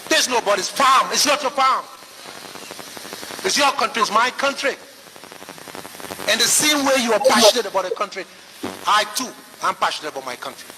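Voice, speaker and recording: A man giving a forceful public political speech to a crowd. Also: sits high, lively intonation, moderate pace, pauses often, long reverb tail, background noise. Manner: forceful oratory.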